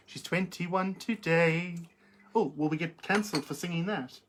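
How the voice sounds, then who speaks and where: A woman's voice: on the low side, moderate pace. A middle-aged woman hosting a live chat, reading out viewer comments in a camp, theatrical, giggly manner. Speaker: livestream host.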